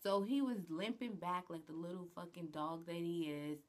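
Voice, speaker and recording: A woman's voice: on the low side, normal speed. A woman vlogger telling a personal story in a casual, blunt, slangy way, swearing often. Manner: blunt, slangy, swears a lot, animated retelling.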